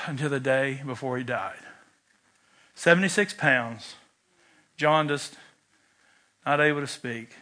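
With a mid-range voice, a slow pace, and long pauses, a pastor delivers a sermon built around a personal story. He acts out the dialogue with energy, shouting whatever he quotes.

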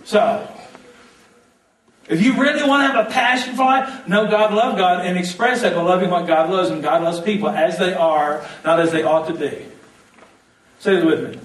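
Animated preacher in an echoey hall. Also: male voice, sits high, moderate pace. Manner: animated, joking, call-and-response with congregation. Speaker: pastor. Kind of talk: sermon. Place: church hall. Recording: echoey hall, mic at a distance.

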